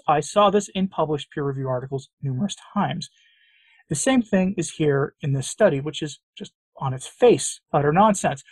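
Husky, sarcastic American commentator. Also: male voice, on the high side, darkish tone, no room sound. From United States. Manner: sarcastic, emphatic, with repeated phrases. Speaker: commentary channel host. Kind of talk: opinion commentary reading news quotes.

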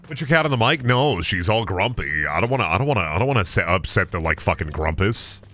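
This young gamer has a low, bright, forceful voice and speaks fast and with lots of animation. His casual stream chat is goofy, packed with swearing, silly voices, and noises.

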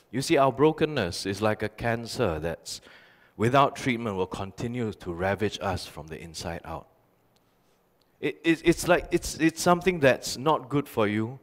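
A male pastor preaching a sermon, telling stories animatedly with emphatic repetition. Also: mid-range voice. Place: church sanctuary. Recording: long church reverb.

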